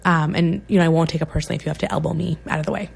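A woman's voice: low-pitched, steady tone, very fast, vocal fry, darkish tone, breathy edge. A woman who works as a birth photographer, speaking earnestly and conversationally in a radio interview.

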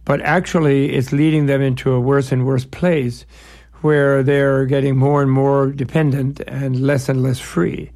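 A man's voice: mid-range voice, little pitch movement, a little slow, a little mellow. Discursive man explaining ideas in an interview. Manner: discursive, digressive, uses playful analogies. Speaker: guest, Buddhist scholar.

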